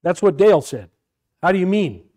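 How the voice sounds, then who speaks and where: A man teaching a Bible study class, his voice sitting a little high and swinging widely in pitch. He questions the group constantly and repeats phrases as he drives a point home. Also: big pitch swings, brisk, darkish tone.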